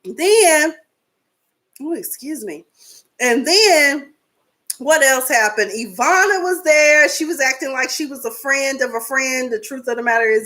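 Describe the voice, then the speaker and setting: A woman in her forties chatting casually as she recaps a reality show, sassy and talkative, her pitch jumping between high and low. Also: normal speed, bright, forceful tone. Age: 40s.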